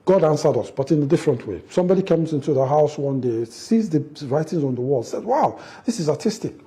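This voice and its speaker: Animated father, bright voice. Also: fairly high pitch, fast talker. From Nigeria. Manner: animated storytelling, acts out quotes, frequent restarts. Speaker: interview guest, father. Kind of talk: storytelling in an interview.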